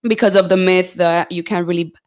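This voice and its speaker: A woman's voice: fairly low pitch, steady tone, a little fast. A young woman guest with a stuffy nose from a cold, chatting in an easygoing way. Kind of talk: casual chat.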